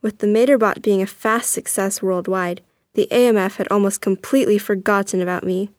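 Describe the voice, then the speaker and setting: A young woman reading a first-person story aloud as narrator, earnest and steady. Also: medium pitch, a little fast, no echo.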